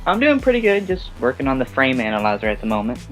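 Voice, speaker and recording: A man's voice: medium pitch, sing-song, quick pace, a bit bright, faint music behind. A man calling into a live stream, answering in a hesitant, unsure way. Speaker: caller. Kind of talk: casual live-stream chat. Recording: dull lo-fi call audio.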